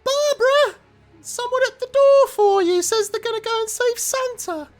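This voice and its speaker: A man's voice: lively intonation, measured pace, faint music behind. A man voicing a kindly old woman with white hair. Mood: delighted. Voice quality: quavering falsetto. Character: sweet elderly woman answering the door.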